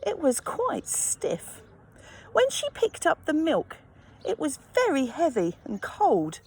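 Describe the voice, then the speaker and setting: A woman reading a children's picture book aloud, gently expressive and adding sympathetic asides. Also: sits high, slow pace. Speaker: storyteller.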